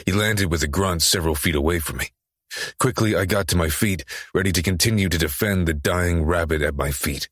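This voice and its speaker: A man's voice: deep voice, fairly quick, fairly bright tone, dry recording, clean studio sound. A man narrating an audiobook in the first person, with an intense, urgent, profane delivery.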